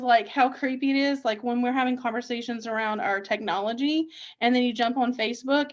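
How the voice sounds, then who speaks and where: A woman talks to her team on a live stream, chatty and upbeat, with lots of fillers and friendly asides. Her voice sits a bit high, and the sound is dull and lo-fi. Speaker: direct sales team leader.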